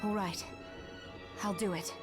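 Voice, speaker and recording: A woman's voice: medium pitch, fairly even intonation, unhurried, over music, close to an everyday voice. An actress voicing a composed young female heroine in a game, answering briefly and evenly. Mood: calm. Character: calm young female demon-hunting heroine.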